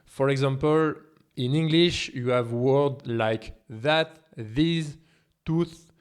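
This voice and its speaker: A man's voice: medium pitch, slow pace, clean tone. A man with a French accent, a native French speaker, teaching a language lesson in an emphatic tone with rhetorical questions. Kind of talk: scripted video lesson.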